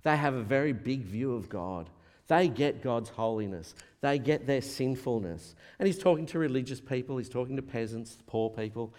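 A man preaching a sermon as a pastor, animated and acting out the voices he quotes. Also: mid-range voice, normal speed. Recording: long hall reverb.

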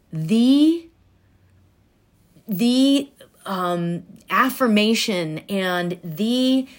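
A woman giving an earnest motivational talk, speaking directly to the listener and dropping to soft, near-whispered tones for affirmations. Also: mid-range voice. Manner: talks directly to the listener with many "right?" tags. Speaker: self-help speaker.

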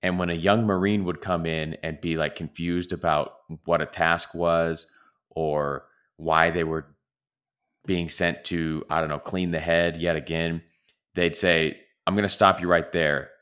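A man's voice: deep voice, little pitch movement, a little slow, a bit bright. A man co-hosting a casual podcast, talking in a rambling way with lots of restarts. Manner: rambling, self-interrupting. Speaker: podcast co-host. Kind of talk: casual chat about soccer.

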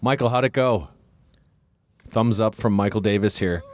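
A man doing comedic golf commentary outdoors, delivering dry deadpan quips. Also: on the low side, moderate pace, no echo.

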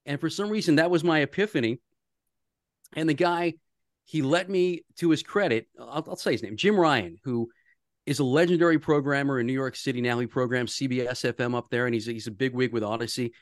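A man's voice: medium pitch, brisk, no room sound, clean studio sound. A man who works as a radio host, telling stories in a casual podcast chat, earnest and full of restarts. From Philadelphia area. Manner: storytelling, earnest, many restarts.

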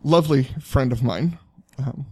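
A young man telling a college story in casual chat, animated and laughing often as he acts out quotes. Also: mid-range voice, measured pace, breathy edge, dry recording.

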